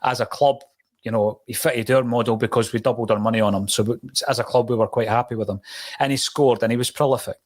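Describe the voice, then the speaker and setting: A man's voice: medium pitch, fast. Chatty man hosting a podcast. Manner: chatty, relaxed storytelling. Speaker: podcast host. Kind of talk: casual chat.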